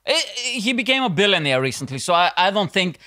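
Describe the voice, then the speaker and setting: A young man hosting a podcast, loud and laughing often, swearing freely in casual chat. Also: high voice, very animated, fast talker. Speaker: podcast host.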